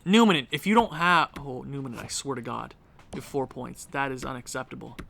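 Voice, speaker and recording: Late at night at home, a young man who makes gaming videos comments casually on his own hockey video game, exasperated and pleading with his team. His voice is medium-pitched, gravelly and a little fast. The background is noisy.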